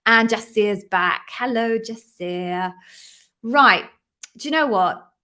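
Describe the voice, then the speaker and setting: A middle-aged woman from London hosting a live stream, chatting warmly with viewers and greeting each by name before explaining her work as an interview coach. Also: on the high side, slow pace. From London, England.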